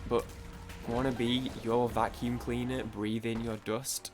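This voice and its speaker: A man's voice: mid-range voice, little pitch movement, a little slow, faint music behind. A young man with a Mancunian accent chatting casually while gaming, rambling, stammering, repeating words and swearing freely. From Manchester, England. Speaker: gaming streamer.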